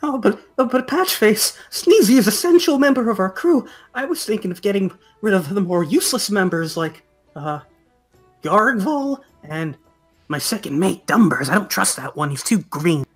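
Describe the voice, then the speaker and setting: A woman voicing a nervous, scheming gnome pirate captain who stammers and flatters. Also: mid-range voice, normal speed, breathy edge, soft background music.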